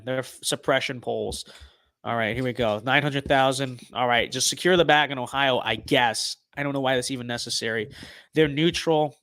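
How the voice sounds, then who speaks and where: A young man chats through a strategy game on stream with a sharp, bright voice. His talk is sarcastic and jumps between low mutters and loud, excited bursts. The sound is close and dry, with no room around it. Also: no echo. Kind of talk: casual gameplay commentary.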